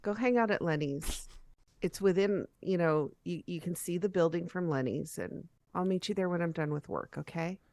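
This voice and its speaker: A woman player speaking in character during a tabletop game, answering calmly with some hesitation. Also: fairly low pitch, no room sound. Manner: calm, halting replies. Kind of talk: in-character tabletop role-play.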